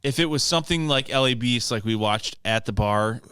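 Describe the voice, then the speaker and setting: A man co-hosting a casual podcast, talking in an animated way and mimicking the people he describes. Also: mid-range voice, brisk, background noise. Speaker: podcast co-host. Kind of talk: casual chat.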